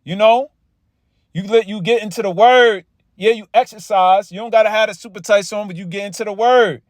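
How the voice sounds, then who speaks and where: High-voiced man preaching casually. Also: no echo, studio quality. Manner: loose and conversational, with frequent "all right" and "right?" and stumbling repeats; reads scripture slowly and with emphasis. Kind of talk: casual sermon with scripture reading.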